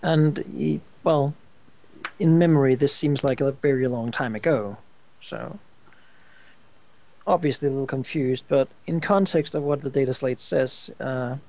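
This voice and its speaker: A man's voice: medium pitch, unhurried. A man playing a tabletop game, speaking hesitantly with many restarts. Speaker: player. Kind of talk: tabletop role-play chat. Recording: dull lo-fi voice chat.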